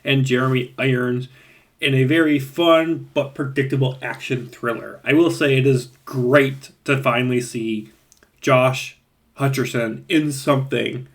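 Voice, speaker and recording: A man's voice: mid-range voice, fairly even intonation, a little slow. A man giving a casual, rambling spoken movie review with a chatty, laughing manner. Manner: rambling, chatty, laughs at his own points.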